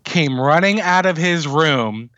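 A man hosting a podcast, chatting casually and recapping a TV episode with lively storytelling. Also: on the high side, slow pace, dry recording, dull audio. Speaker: podcast host doing recaps.

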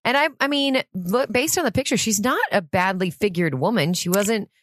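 A woman's voice: mid-range voice, normal speed, dry recording, clean studio sound. A woman co-hosting a casual podcast, telling a story in a chatty way. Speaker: podcast co-host.

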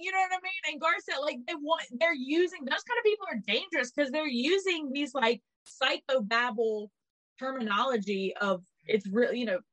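Woman, podcast co-host, animated gossip, a touch high, dry close sound. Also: brisk, dry recording, low-quality recording. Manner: animated, swearing, acts out quotes in voices. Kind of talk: casual gossip chat.

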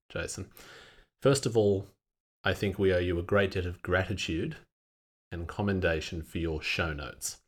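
Deep-voiced man, playful banter. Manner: playful, mock-formal. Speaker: podcast co-host. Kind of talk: casual podcast banter.

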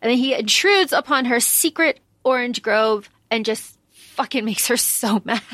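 A woman co-hosting a podcast discusses a book in a loose, chatty style, saying "like" constantly and swearing freely. Her voice is on the high side and a bit bright, at a moderate pace, with no echo.

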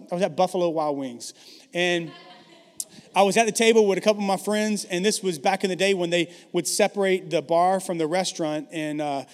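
A man delivers a storytelling sermon in a conversational, self-deprecating way, full of false starts. His voice sits a little high for a man. The sound carries the long reverb of a large church hall. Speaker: pastor.

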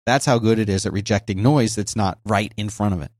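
In a home office next to a busy highway, a man hosts a casual solo podcast on a close dynamic microphone with a noise gate. He talks conversationally and explains things, restarting frequently and pausing often at a normal speed. His voice is on the low side, and the recording is dry.

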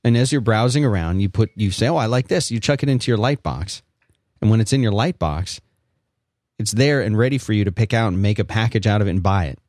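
A man's voice: lowish voice, quick pace, darkish tone, dry recording, clean studio sound. A man co-hosting a podcast, laid-back and joking, reading an ad in casual chat. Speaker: podcast co-host.

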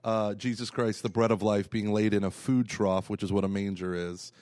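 A man's voice: lowish voice, level tone, moderate pace, a little mellow, no echo, clean studio sound. A man co-hosting a parish podcast in casual chat, joking and laughing often. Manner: jokey, laughs often, teasing. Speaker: podcast co-host, parish evangelization coordinator.

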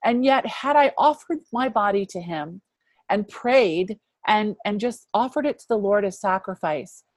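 A woman's voice: mid-range voice, lively intonation, measured pace, no echo. Earnest woman in her fifties, dry sound. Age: 50s. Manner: earnest, reflective, often softening to a hush. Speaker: interview guest. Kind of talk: personal faith testimony.

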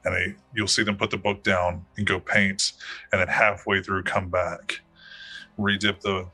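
A man's voice: low voice, level tone, a little slow, pushed and bright, husky, soft background music. A man running a tabletop game as game master, rambling with many fillers and restarts. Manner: rambling, hesitant, full of fillers.

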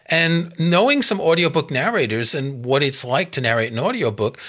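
A man hosting a podcast interview, asking questions and commenting in a measured, conversational way. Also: a little high, lively intonation, a bit bright. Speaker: podcast host.

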